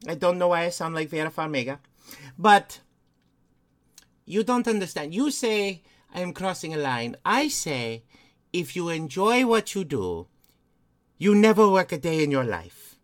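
A man's voice: fairly high pitch, steady tone, very fast, few pauses, fairly bright tone, smooth, no room sound, studio quality, lightly acted. A man putting on a vain noblewoman killer. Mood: mock-grand. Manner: mock-grand, playfully sinister put-on voice. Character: Lady Báthory, vain cruel noblewoman.

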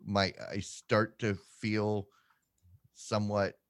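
In a studio-quality recording with no room sound, a man co-hosts a podcast in a level tone. His casual chat is rambling and self-deprecating, marked by quick pitch jumps.

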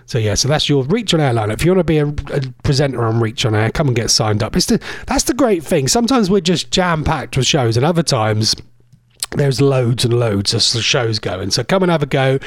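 A man's voice: mid-range voice, lively intonation, brisk, no echo, studio quality. A man hosting an online radio show from a cold home conservatory, chatting in a rambling way and correcting himself as he goes. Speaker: internet radio host. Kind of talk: casual radio chat.

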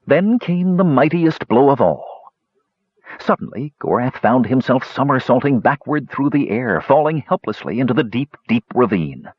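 A man narrating a story in an expressive, dramatic reading, in a slightly muffled recording. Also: mid-range voice, normal speed, slightly rough, no echo.

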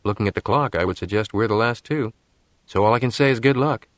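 A man's voice: lowish voice, fast, no room sound, pitched above the performer's own voice, lightly acted. A man voicing a confident, frank young male law candidate.

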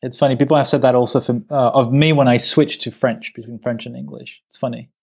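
A man co-hosting a casual debate podcast, playful and quick to laugh, with a mock-indignant streak. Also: mid-range voice, fairly even intonation, vocal fry. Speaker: podcast co-host.

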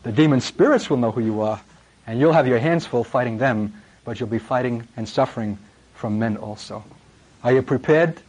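A middle-aged man preaching a sermon, impassioned and dramatic, swinging from loud emphasis to hushed words. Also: medium pitch, normal speed, slightly rough, highs cut off.

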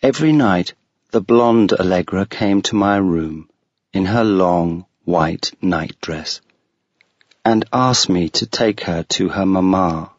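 Slow husky male story reader. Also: deep voice, dry recording. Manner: slow, clear graded-reader delivery. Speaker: audiobook reader. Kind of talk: scripted story narration. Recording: dull, lo-fi sound.

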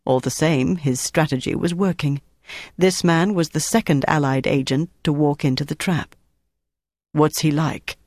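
A narrator reading a novel in steady, scripted storytelling. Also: mid-range voice, normal speed, no echo, studio quality. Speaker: audiobook narrator.

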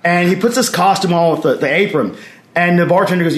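A man telling anecdotes as a podcast guest in a lively way, acting out what others said and laughing along. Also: sits high, fairly quick. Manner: animated anecdotes, acts out others' lines, laughs while telling. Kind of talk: storytelling in casual conversation. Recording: roomy echo.

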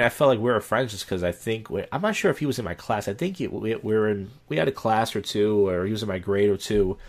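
A young man with a somewhat low voice chats casually as a comedian on a podcast. He rambles through a personal story, stopping and restarting his sentences as he goes. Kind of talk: casual chat.

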